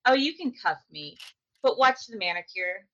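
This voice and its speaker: A woman's voice: medium pitch, big pitch swings, moderate pace, fairly bright tone, muffled recording. A woman playing a cocky, flippant young daddy's girl in a tabletop game, speaking in a teasing drawl.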